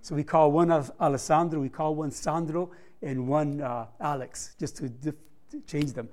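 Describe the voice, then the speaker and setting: A man's voice: fairly high pitch, fairly even intonation, moderate pace, darkish tone. A man giving a conversational missions report to a church congregation, telling stories with humorous asides.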